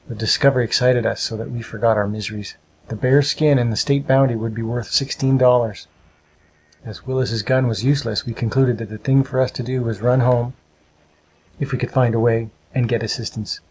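A man narrating a storybook with a steady, measured reading. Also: medium pitch, a little hiss or hum, poor audio.

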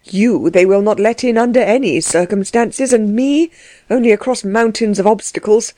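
A woman's voice: mid-range voice, normal speed, warm tone, no echo, lightly acted. Woman doing a tearful old steward. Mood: distraught. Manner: pleading, wordy and lamenting.

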